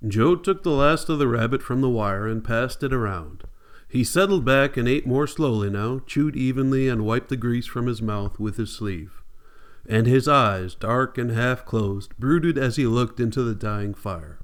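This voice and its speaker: A male audiobook narrator with a smooth, resonant voice at a middling pitch. He reads steadily and in a measured way, keeping to plain scripted narration. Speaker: audiobook reader.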